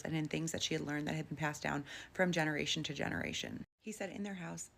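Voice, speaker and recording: Woman storyteller: low, gravelly, quick, conversational. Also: a little hiss or hum. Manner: conversational, with frequent filler "like". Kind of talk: casual retelling of a paranormal story.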